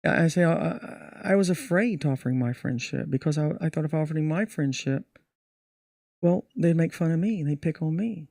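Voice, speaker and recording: A man's voice: a little high, a little fast, gravelly, no room sound, clean studio sound. A middle-aged man, a magician, telling stories from his show in a casual podcast interview. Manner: animated storyteller acting out his show. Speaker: magician guest.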